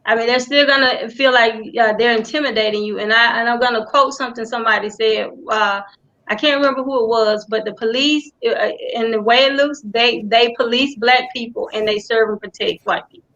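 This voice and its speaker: A woman's voice: fairly high pitch, fairly even intonation, fairly quick, a bit bright, lo-fi sound. A woman speaking earnestly in a casual panel discussion, restarting her sentences often. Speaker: panel guest.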